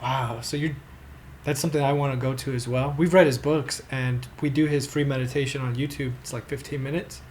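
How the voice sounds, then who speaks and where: A man's voice: mid-range voice, fairly even intonation, brisk, darkish tone, slight background noise. A man hosting a podcast, chatting casually and enthusiastically, asking rambling questions. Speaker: podcast host. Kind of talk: casual interview chat.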